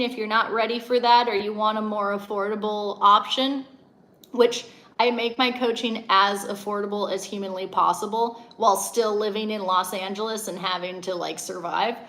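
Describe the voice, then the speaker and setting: A woman's voice: fairly high pitch, fairly bright tone. A young adult woman hosting a casual livestream, talking emphatically and answering viewer comments as a coach.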